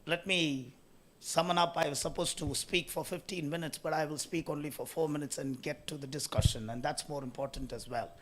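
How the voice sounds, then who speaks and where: A hoarse man giving a speech at a summit in a college hall, emphatic and building in force as he tells stories. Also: a little high, fairly even intonation, a little fast, a bit bright, slight background noise. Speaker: speaker at an HR summit. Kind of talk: conference speech.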